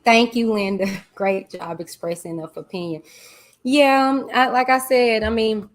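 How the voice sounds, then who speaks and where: A woman's voice: on the high side, fairly even intonation. A woman hosting a casual livestream, chatting with viewers and reading their comments aloud. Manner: chatty, drawn-out exclamations, talks to viewers as "y'all" and "child". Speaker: livestream host.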